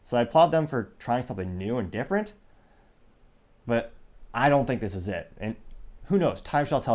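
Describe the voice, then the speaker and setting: A man's voice: mid-range voice, animated, moderate pace, pauses often, a little mellow. Sarcastic man hosting a commentary podcast. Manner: sarcastic, self-interrupting, digressive. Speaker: podcast host. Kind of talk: casual commentary monologue.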